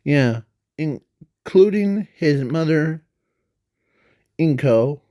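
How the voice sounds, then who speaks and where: Man, fan storyteller, hesitant rambling, fairly high voice. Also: animated, extremely slow, mellow, no room sound, studio quality. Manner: rambling, hesitant, many fillers and self-corrections. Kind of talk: unscripted fan story narration.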